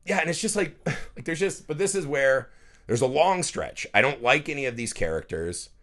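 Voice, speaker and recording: Man, podcast co-host, casual chat, swears a lot, acts out scenes, animated. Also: medium pitch, normal speed.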